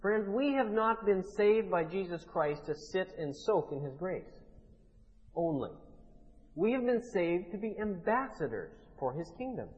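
Male pastor, high voice, emphatic sermon delivery, muffled recording with long hall reverb. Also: big pitch swings, a little slow. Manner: emphatic preaching, rising to forceful declarations.

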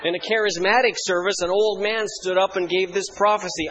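A man's voice: sits high, fairly even intonation, fairly quick, few pauses, a bit bright, lo-fi sound. A man preaching a sermon, telling humorous church stories with dry wit before turning to scripture. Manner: dry storytelling humor, mock-solemn archaic hymn recitation. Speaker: pastor.

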